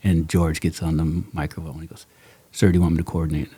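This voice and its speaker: Very deep, slightly rough, and quick-paced, a middle-aged podcast host chats casually while telling stories. He acts out the quotes with plenty of animation and frequent laughter.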